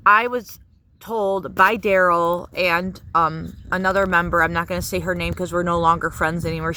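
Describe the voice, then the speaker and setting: Brief: woman vlogger, bright and sharp voice, heated rambling rant with lots of swearing. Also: on the low side. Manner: angry, profane, many fillers. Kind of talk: casual spoken rant.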